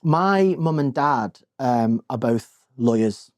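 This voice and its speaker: A British man talking as a guest in a casual interview, reflective and agreeable as he chats. His voice sits at a middling pitch. The sound is dry and close. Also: animated, slow pace, darkish tone, dry recording. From England. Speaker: guest dancer and choreographer.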